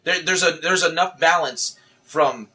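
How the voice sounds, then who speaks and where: A man hosting a casual movie podcast, talking in halting, restarting sentences. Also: on the high side, pushed and bright. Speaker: podcast host. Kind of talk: casual chat.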